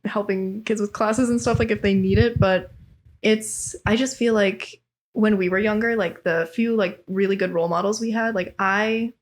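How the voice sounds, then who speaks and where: A woman's voice: mid-range voice, fairly even intonation, moderate pace. A young adult woman chatting as a podcast guest, candid and casual, swearing now and then with many fillers of "like". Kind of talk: casual chat.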